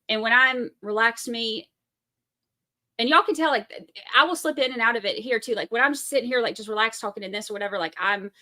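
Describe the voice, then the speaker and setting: A woman's voice: mid-range voice, pushed and bright. A woman with a Southern US accent hosting a casual livestream, rambling and chatty as she reads out viewer comments. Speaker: livestream host.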